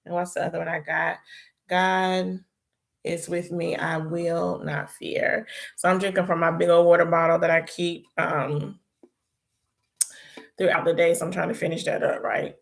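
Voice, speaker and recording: Fairly low in pitch, level and gravelly, this young woman speaks at a moderate pace while hosting a casual livestream chat. Her voice sounds tired; she's chatty, prayerful, and calls viewers "y'all."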